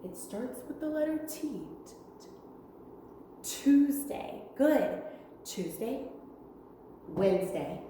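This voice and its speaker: A young woman teaching a virtual preschool lesson in a room with windows, talking slowly in a sing-song way to small children. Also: high voice, big pitch swings, dark tone, recorded from a distance, slight background noise. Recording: echoey room with long reverb.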